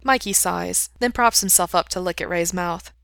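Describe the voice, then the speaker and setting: A woman reading a story aloud in a calm, even way. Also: fairly low pitch, moderate pace, creaky, no room sound. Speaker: reader. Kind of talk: storybook narration.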